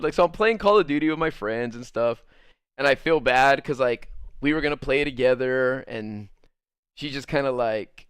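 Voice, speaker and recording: A young adult man livestreaming, telling a rambling story to his chat in a casual, animated way full of "like" fillers. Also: medium pitch, moderate pace, smooth, dry recording, studio quality.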